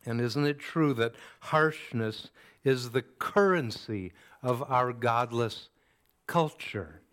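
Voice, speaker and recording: Male preacher, mid-pitched, very slow and deliberate delivery, sermon style. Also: fairly bright tone.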